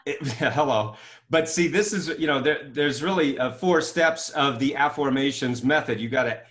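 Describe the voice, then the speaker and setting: A man's voice: medium pitch, moderate pace, a bit bright. A man being interviewed as a guest expert over a video call, talking energetically and explaining his ideas with examples.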